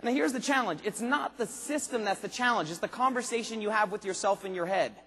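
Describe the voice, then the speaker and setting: This is an energetic sales-convention speech from a motivational speaker whose voice is high and a bit breathy. Punchy, emphatic questions come at the audience in quick succession, now and then erupting into shouts. Long reverb fills the big convention hall.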